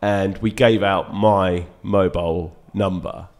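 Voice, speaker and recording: A man, a dart reviewer guest, chatting casually on a podcast and telling animated stories with frequent laughs and fillers. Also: sits low, slow. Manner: animated storyteller, laughs often, lots of fillers.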